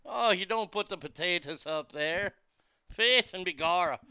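A man's voice: sits high, expressive, a little slow, pushed and bright, clear, resonant tone, no room sound, heavily acted. A man voicing a mock stage Irishman from the 1800s, with an exaggerated put-on brogue and indignant manner.

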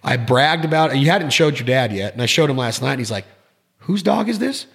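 A man's voice: mid-range voice, fast talker, a bit bright. A man hosting a casual interview podcast, talking with enthusiasm in long, rambling sentences and often repeating his words. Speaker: podcast host.

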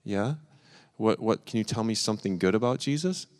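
Man, minister running a live service, lowish smooth voice, chatty and encouraging with lots of "um"s. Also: expressive, brisk, darkish tone. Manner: encouraging, upbeat, many fillers. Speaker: minister leading a church service. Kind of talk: live church service talk. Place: church sanctuary.

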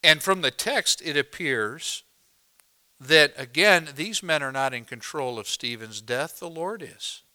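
A man preaching a sermon as pastor, swinging between hushed moments and loud, emphatic climaxes. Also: on the high side, lively intonation, measured pace.

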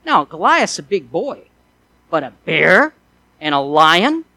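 High-voiced man preaching earnestly. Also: very animated, slow pace, gravelly, pushed and bright, dry recording, poor audio. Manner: earnest preaching with rhetorical questions. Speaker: pastor. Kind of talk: sermon.

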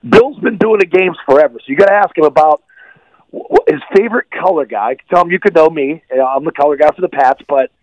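A man speaking as a guest football analyst on a radio show, giving blunt and animated opinions over a remote line. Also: fairly high pitch, fast, no echo. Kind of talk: casual sports radio chat. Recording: dull lo-fi line, dry.

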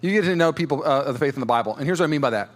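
A man in his thirties preaches to his church, slipping into loose, chatty storytelling full of filler words. His voice sits a little higher than most men's. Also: lively intonation, racing. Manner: casual storytelling with many fillers. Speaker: pastor. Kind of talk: sermon. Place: church auditorium.

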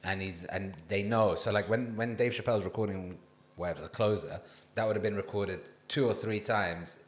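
A man explaining things at length in a relaxed, casual podcast chat. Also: fairly low pitch, normal speed, echoey room.

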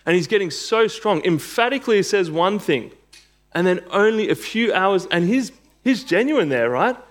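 A man's voice: high-pitched, expressive, moderate pace. Emphatic, earnest male preacher. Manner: earnest, emphatic, builds to bursts of intensity. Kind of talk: sermon with scripture reading.

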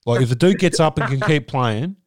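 A man's voice: medium pitch, brisk, no echo, studio quality. A man with an Australian accent co-hosting a casual sports podcast, blunt and sweary. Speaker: podcast co-host.

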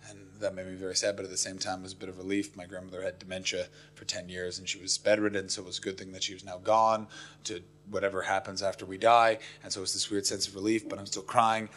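A man doing stand-up, telling a story in an animated, profane way that swings from low muttering to frantic yelling. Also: fast, a little hiss or hum. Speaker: stand-up comedian.

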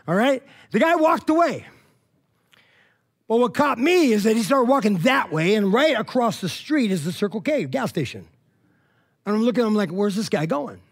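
Animated male preacher telling a story. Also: moderate pace. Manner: animated, acts out dialogue with swings in pitch and loudness; conversational, frequent "all right?" and "you know what I mean?". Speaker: pastor. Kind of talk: storytelling sermon.

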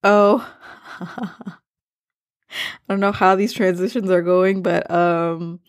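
A woman's voice: fairly low pitch, steady tone, takes it slowly, pauses often, no room sound, studio quality. A young woman from Maryland hosting her own podcast in casual chat, rambling and slangy with plenty of swearing. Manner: rambling, slangy and profane, drifting off topic. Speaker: podcast host.

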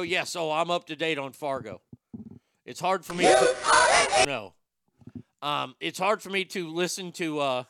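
A man's voice: mid-range voice, bright, forceful tone, smooth, dry recording, clean studio sound. A man in casual, rambling commentary, sarcastic and profane as he thinks aloud.

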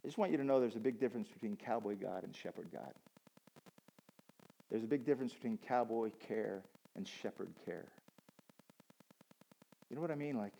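A man preaching a sermon, animated and joking, often repeating words as he stumbles. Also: on the low side, normal speed, vocal fry, long pauses, slight background noise, rough recording. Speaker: pastor.

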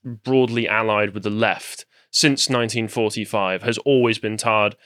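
Bright, wry English man. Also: fairly low pitch, steady tone, normal speed, no echo, studio quality. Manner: wry, opinionated interjections. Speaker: podcast host. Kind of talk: casual podcast conversation.

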